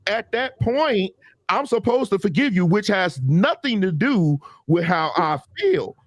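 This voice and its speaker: Hosting a casual talk show, a man argues his point emphatically in a casual debate, backing it up with everyday examples. His voice is high with big pitch swings, a little slow, and the recording is dry.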